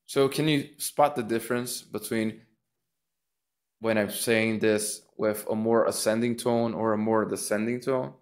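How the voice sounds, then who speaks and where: A man's voice: on the low side, steady tone, measured pace. A man teaching public speaking in a casual lesson, thinking aloud with restarts and acting out rising and falling intonation on sample phrases. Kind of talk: casual instructional talk.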